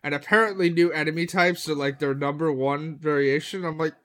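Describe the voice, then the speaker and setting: A man's voice: a little high, steady tone, a little fast, hardly any pauses, a bit bright. A man co-hosting a casual podcast, talking chattily with lots of fillers and frequent laughter. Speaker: podcast co-host. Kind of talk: casual chat.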